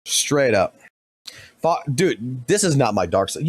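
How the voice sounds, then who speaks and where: Profane, animated male streamer. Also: mid-range voice, slow, breathy edge, no room sound. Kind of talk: stream commentary.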